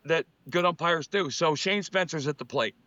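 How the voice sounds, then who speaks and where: Man, former pitcher, casual storytelling, bright voice, slightly dull dry sound. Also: moderate pace, no room sound. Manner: animated anecdotes, frequent restarts. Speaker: former MLB pitcher, co-host.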